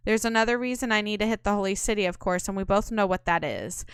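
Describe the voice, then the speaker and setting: A woman's voice: mid-range voice, fast, smooth, no echo, studio quality, natural voice. A woman reading aloud the lines of a cocky, wisecracking young male rogue in a game, speaking in a breezy, slangy way.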